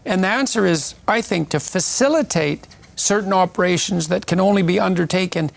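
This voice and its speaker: Man explaining ideas through slow analogies. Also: high-pitched, vocal fry. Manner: measured, abstract, reaches for analogies. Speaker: speaker in a played clip. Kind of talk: lecture-style explanation.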